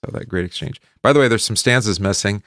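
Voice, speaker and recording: A man's voice: lowish voice, fast talker, a bit bright, dry recording, studio quality. A middle-aged man giving a casual hymn study talk, conversational, with many fillers and asides. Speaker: hymn teacher.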